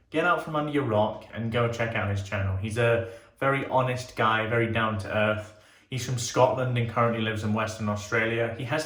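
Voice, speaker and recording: Relaxed chatty man in an echoey room. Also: medium pitch. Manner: relaxed, chatty, swears when enthusiastic. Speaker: shaving channel host. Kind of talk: casual shaving vlog talk. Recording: roomy, echoey sound.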